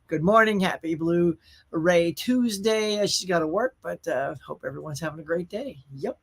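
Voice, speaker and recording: A man's voice: fairly high pitch, normal speed, gravelly. A man hosting a casual pop culture livestream from a room at home, chatty and laid-back, greeting viewers by name. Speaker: host of a pop culture live show. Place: his own home collection room.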